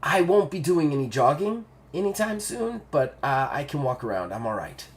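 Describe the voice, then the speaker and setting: A woman's voice: deep voice, very animated, normal speed. A man doing a terse, wounded woman. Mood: determined. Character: focused injured woman officer, terse.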